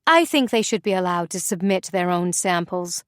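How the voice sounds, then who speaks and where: A woman's voice: on the low side, expressive, normal speed, no echo, studio quality, close to an everyday voice. A woman voicing a composed, pointed female writer in a storybook reading. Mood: poised. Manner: pointed, crisp.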